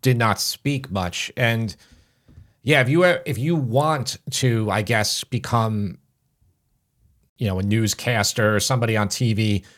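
A man with a New York accent jokes wryly through a casual podcast chat. His voice is on the low side. He sounds at ease as he talks with his co-host. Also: measured pace, a bit bright. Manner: wry, joking.

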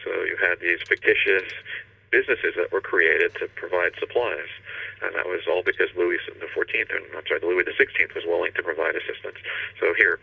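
Fast-talking low gravelly man. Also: dry recording, distant mic, phone-quality sound. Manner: animated storyteller, acts out quotes. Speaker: history podcast host. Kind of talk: casual storytelling chat.

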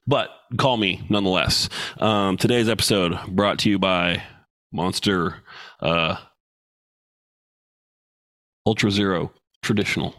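A man's voice: sits low, steady tone, measured pace, a bit bright, no echo. A man hosting his own podcast in a casual solo talk, blunt, profane and joking. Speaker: podcast host. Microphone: studio microphone with headphones.

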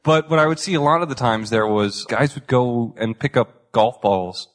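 A man's voice: mid-range voice, normal speed. A young man from the Boston area, chatting casually as a podcast guest, rambling and self-deprecating, swearing freely. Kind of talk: casual chat.

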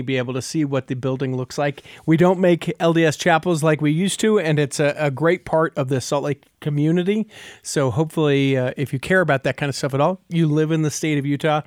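A man's voice: on the high side, no echo, clean studio sound. A man hosting a casual podcast, talking things through step by step with plenty of filler words. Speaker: podcast host.

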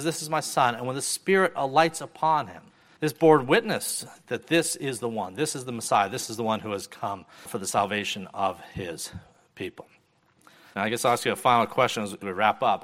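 A man, a Baptist pastor, preaching a sermon with rhetorical questions, rising emphasis and quiet drops. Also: mid-range voice, lively intonation, brisk. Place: church.

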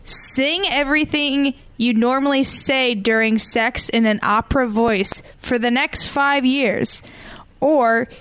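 A woman co-hosting a podcast in casual chat, playful and quick to laugh. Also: high voice, fairly bright tone, clear, resonant tone, no echo. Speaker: podcast co-host.

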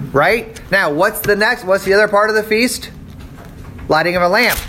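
A man's voice: high voice, animated, normal speed, bright, forceful tone, a little hiss or hum. Man teaching a casual Bible lesson. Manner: conversational, checks in with "okay?" and "right?". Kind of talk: casual classroom lecture.

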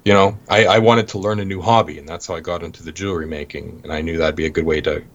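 A Canadian man, a guest in an interview, telling stories in a relaxed way with plenty of "you know" fillers. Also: sits low, fast, muffled recording. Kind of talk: casual interview talk.

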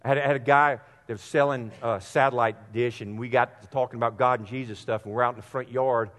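A man's voice: mid-range voice, steady tone, fast talker, fairly bright tone. A man preaching a sermon as pastor, earnest and direct with his congregation, repeating phrases for emphasis. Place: church sanctuary. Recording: long hall reverb.

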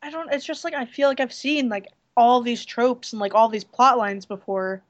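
A woman co-hosting a casual movie review chat, hoarse from losing her voice, blunt and hesitant with many fillers. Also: a little high, steady tone, normal speed, lo-fi sound. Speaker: podcast co-host reviewing a movie.

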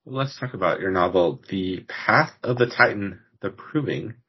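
A man's voice: low voice, lively intonation, normal speed, slightly rough, dull audio. A man from Washington hosting a podcast, chatting casually and rambling a little with many fillers. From Washington, United States. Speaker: podcast host. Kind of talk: casual interview chat.

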